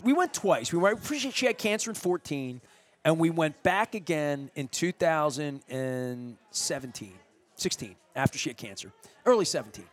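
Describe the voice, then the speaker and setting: During a casual radio interview in a restaurant, a middle-aged host with a slightly high, animated voice talks at a moderate pace. His long story rambles loosely, full of restarts.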